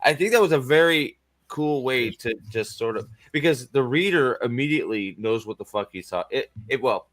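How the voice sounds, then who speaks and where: A man in casual book-discussion chat, profane and animated, acting out scenes as he retells them. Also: mid-range voice, normal speed, no echo. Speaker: podcast host.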